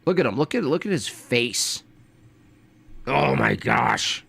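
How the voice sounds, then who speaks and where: A man hosting a reaction commentary, scornful and preachy, jumping from loud jabs to low mutters. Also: expressive, slow pace, gravelly, slightly rough. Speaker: commentary host.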